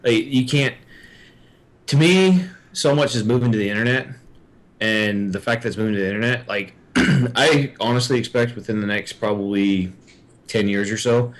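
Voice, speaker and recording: Low-voiced male guest from Texas, loose and rambling. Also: moderate pace. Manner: rambling, crude, many "like" fillers. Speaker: podcast guest. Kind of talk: casual podcast chat.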